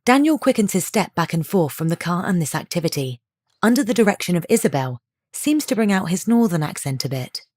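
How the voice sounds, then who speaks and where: A woman reads a story aloud with steady, descriptive narration. Her voice sits low, and the recording is dry, with no room sound. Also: fairly quick, no echo.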